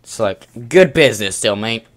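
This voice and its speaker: A young man giving casual commentary while playing an online shooter, excitable and breaking into sudden shouts. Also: on the low side, normal speed. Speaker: gamer.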